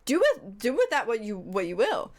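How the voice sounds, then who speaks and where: A woman's voice: medium pitch, sing-song, a little fast. A young adult woman livestreamer in casual chat, giggly, rambling and self-mocking.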